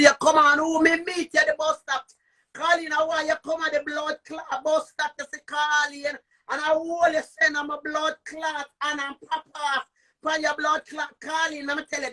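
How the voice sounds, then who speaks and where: Loud cursing Jamaican woman, bright and high. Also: little pitch movement, normal speed. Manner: cursing, shouting, repetitive taunts. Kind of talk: heated live-stream rant. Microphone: phone.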